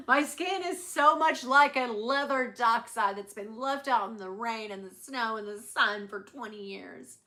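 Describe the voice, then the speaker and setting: A middle-aged woman hosts a casual livestream in a fairly high, bright, forceful voice that is animated yet a little slow. She rambles and chats with her live viewers, laughing often.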